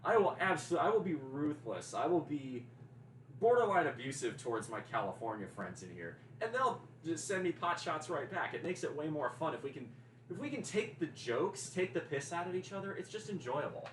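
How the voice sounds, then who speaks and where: A man's voice: a little high, sing-song, moderate pace, slight background noise, poor audio. A man with a Southern American accent chatting casually on a livestream, joking, teasing and answering his chat. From Deep South of the US.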